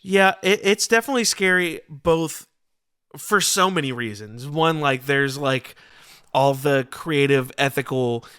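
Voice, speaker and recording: A man's voice: fairly high pitch, animated, a little slow, a bit bright, smooth. A man co-hosting a podcast, talking casually and earnestly. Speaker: podcast co-host. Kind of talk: casual chat.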